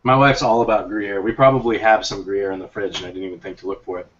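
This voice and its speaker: Low-voiced dude, joky and relaxed, keeps clearing his throat, muffled lo-fi recording. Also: quick pace, far from the mic. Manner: joking, laid-back, frequent throat clearing. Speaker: co-host of a cigar pairing show. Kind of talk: casual tasting chat. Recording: dull lo-fi audio.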